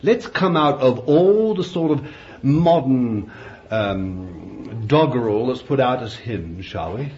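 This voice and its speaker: An English preacher delivers a fervent sermon at an unhurried pace. His voice climbs high in bursts of exhortation, then drops to quiet, confiding asides. The recording is dull and lo-fi, with faint hiss underneath. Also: animated. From England.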